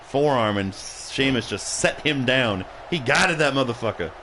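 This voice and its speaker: A man's voice: mid-range voice, lively intonation, a little slow, pushed and bright, a little hiss or hum. A man hosting a livestream, casually commentating a video game match, rambling and joking, laughing often and swearing, a little tipsy and punchy.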